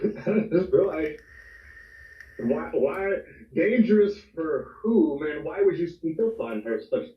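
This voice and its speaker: A man's voice: on the high side, expressive, takes it slowly. A man playing a tabletop game, joking and laughing in character talk. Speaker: player. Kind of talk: casual tabletop play. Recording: distant, echoey, dull remote audio.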